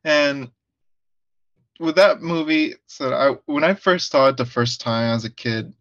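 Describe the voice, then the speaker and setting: A man's voice: mid-range voice, a little slow, a bit bright, no echo. Chill guy from guatemala cohosting a movie podcast, laughs a lot, kinda muffled dry sound. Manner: laid-back, laughs easily, repeats himself. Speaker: podcast co-host. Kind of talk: casual movie review chat.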